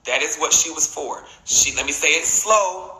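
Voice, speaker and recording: A man talking on a phone live stream in a casual monologue, earnest and halting, repeating his points deliberately. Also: fairly high pitch, pushed and bright. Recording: roomy echo.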